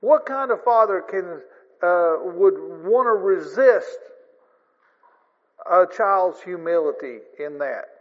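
A man's voice: high-pitched, expressive, takes it slowly. A man preaching a sermon in an earnest, folksy way, rising in emphasis. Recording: long reverb, dull lo-fi sound.

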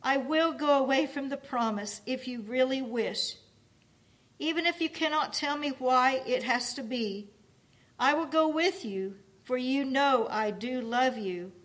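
A woman's voice: high-pitched, unhurried, a bit bright. A woman reading aloud, voicing a timid, frightened young woman pilgrim who pleads tearfully. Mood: tearful devotion.

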